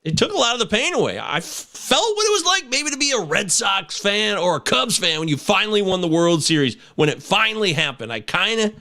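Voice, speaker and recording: A man in his thirties hosting a casual sports podcast, animated and swearing, breaking into shouts and chants. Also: high-pitched, brisk, hardly any pauses. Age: 30s. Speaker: podcast host.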